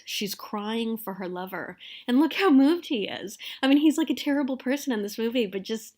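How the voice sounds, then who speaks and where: A woman's voice: on the high side, expressive, normal speed, hardly any pauses, darkish tone. A woman film lecturer talking through a scene in an earnest, emotive way, often checking in with her class.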